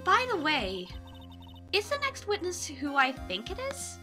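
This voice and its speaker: A woman's voice: high-pitched, wildly swooping pitch, measured pace, over music, full character voice. A woman voicing a cheerful, chatty young woman medium in a video game read-along.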